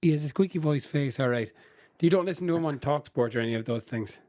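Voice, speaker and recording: A man's voice: fairly high pitch, expressive, fast, darkish tone, no echo, clean studio sound. A man co-hosting a podcast, chatting casually and laughing often as he rambles through his points. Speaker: podcast co-host. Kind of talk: casual chat.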